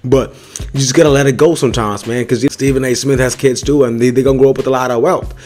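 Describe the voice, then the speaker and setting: A man's voice: mid-range voice, steady tone, quick pace, a little mellow. A young man hosting his own show, talking in a loose, casual monologue full of street slang and filler asides. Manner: loose street slang, keeps tossing in "bro" and "son".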